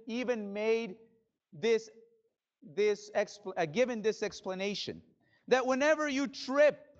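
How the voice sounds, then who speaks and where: A male pastor preaching a sermon in a church, dramatic, swinging from loud bursts to hushed drops. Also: extremely high pitch, lo-fi sound. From Spanish-speaking background. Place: church sanctuary.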